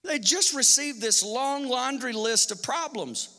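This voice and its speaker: A male pastor preaching in a large church hall, with a very high, bright voice. He fires off rhetorical questions and acts out quotes. A long reverb trails off his words. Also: animated, a little slow. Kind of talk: sermon.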